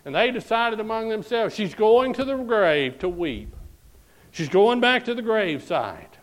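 A man's voice: high voice, big pitch swings, a little slow, low-quality recording. A man preaching a sermon, reading scripture aloud and pressing each point with repeated phrases and "All right?".

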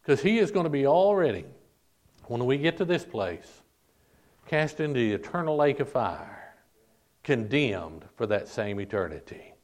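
A man's voice: mid-range voice, very animated, unhurried. A man preaching a sermon to a congregation, emphatic and repetitive, stretching out key words for stress. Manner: addresses congregation as "folk". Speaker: pastor. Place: church service.

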